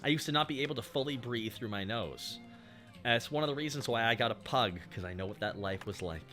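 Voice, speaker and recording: A man's voice: mid-range voice, animated, fairly quick, pushed and bright, faint music behind. A man chatting casually and joking with profanity while he streams a game. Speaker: VTuber streamer.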